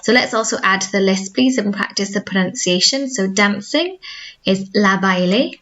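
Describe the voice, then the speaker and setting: A woman with a Welsh accent speaks expressively at normal speed, her mid-range voice fairly bright, though the recording is muffled. As a school language teacher in a recorded video lesson, she explains clearly and patiently, modelling every word more than once.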